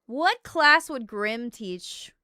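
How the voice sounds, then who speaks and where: Woman streamer, high lively voice, bright, clear, giggly, playfully bossy, dry close mic. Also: very slow, no echo. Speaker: VTuber streamer. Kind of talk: casual stream chat.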